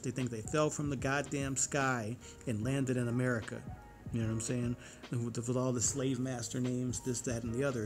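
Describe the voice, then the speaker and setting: A man in his forties vlogging in a casual, rambling monologue, cursing freely and getting heated. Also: medium pitch. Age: 40s.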